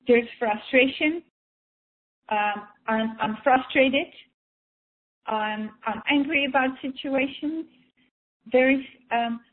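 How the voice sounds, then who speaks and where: A woman with a fairly high voice gently coaxes a listener through a guided breathing session, circling back and repeating her phrases as she goes. The sound is thin and tinny, like a phone line. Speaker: energy healer leading a breathing session.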